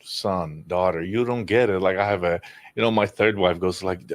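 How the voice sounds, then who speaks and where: A man's voice: sits low, moderate pace, no echo. A man, telling emotional personal stories in a candid conversation, rambling and restarting, with swearing. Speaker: podcast guest.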